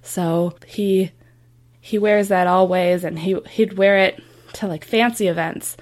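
A young woman tells stories about her grandfather in a loose, conversational way. She talks casually and fills her speech with little fillers. Her voice sits at an ordinary middle pitch. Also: fairly even intonation, unhurried, a little mellow. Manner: casual, chatty, with frequent fillers. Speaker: interviewee, grandchild. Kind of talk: personal recollection.

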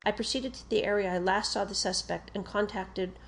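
A woman reading an official police report aloud in a steady, formal narration. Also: mid-range voice, brisk. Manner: steady, formal delivery that gets louder on quoted shouts.

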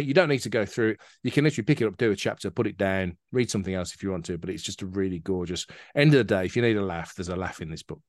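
A chatty man co-hosts a book podcast in a relaxed, conversational way. His voice sits low, and the sound is dry and close to the mic. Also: dry recording. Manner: chatty, reads jokes aloud with acted voices. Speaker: podcast co-host. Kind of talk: casual chat.

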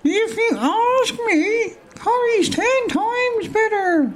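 A man voicing an opinionated hologram in a comic sci-fi story, high and drawn out. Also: animated, slow pace, heavily acted. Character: opinionated hologram, slow and squeaky.

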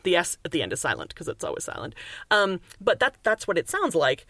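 A woman's voice: fairly low pitch, wildly swooping pitch, fairly quick, sharp tone, no room sound, studio quality. Chatty explaining woman from Canada. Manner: chatty and explanatory, with frequent fillers and restarts. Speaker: author and linguist guest. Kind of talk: casual podcast interview.

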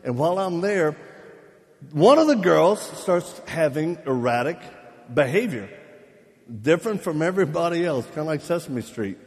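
Male preacher, fairly high voice, joking storyteller who plays out every quote; long hall reverb. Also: animated, moderate pace, a little mellow. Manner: laughs at his own jokes. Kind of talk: live sermon storytelling.

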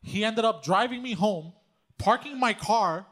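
A man's voice: high-pitched, measured pace, fairly bright tone, slight background noise. A man on a podcast telling a rambling anecdote in casual talk, with restarts and swearing. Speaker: podcast co-host.

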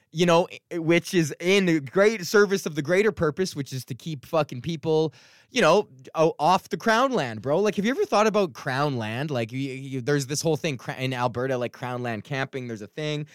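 A man's voice: on the high side, clear, resonant tone, no echo, studio quality. A man from Edmonton, Canada, hosting his podcast as a stand-up comic in a rambling, profane solo rant. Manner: profane, ranting, heavy swearing; rambling with restarts and fillers.

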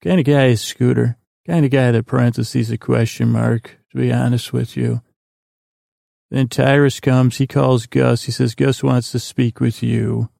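Guy rambling through a recap, flat low-key delivery, lots of restarts, gravelly. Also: dry recording, studio quality. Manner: rambling, halting restarts, acts out quoted lines. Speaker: podcast host.

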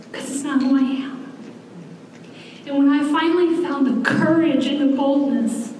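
A woman's voice: high voice, a little mellow, slight background noise. A woman in her forties preaching a sermon, talking candidly and conversationally with personal asides. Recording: echoey hall from far off.

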